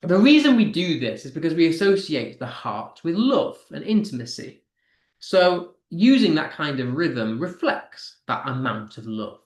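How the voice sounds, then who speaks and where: Lively-voiced male teacher, echoey room. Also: fairly high pitch. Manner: slow, stressed reading when tapping out poetic rhythm; talks to students reading comments aloud. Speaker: English teacher. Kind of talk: online class lesson.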